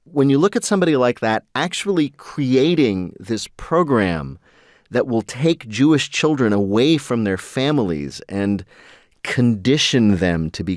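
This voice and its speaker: A man hosting a podcast interview, wry and quick, steering the talk with questions. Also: mid-range voice, no room sound, studio quality. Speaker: podcast host. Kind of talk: conversational interview.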